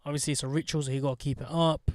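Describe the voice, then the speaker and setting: A man's voice: fairly high pitch, little pitch movement, racing, a little mellow, no room sound, clean studio sound. A man hosting a podcast, chatting in a blunt, joking, sweary way with lots of slang. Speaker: podcast host. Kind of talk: casual chat.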